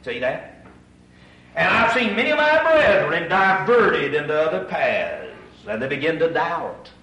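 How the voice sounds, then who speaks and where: High, lively preacher in an echoey hall. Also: male voice, measured pace, distant mic. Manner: animated, asks the audience rhetorical questions. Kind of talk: sermon. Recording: echoey room, voice from away from the mic.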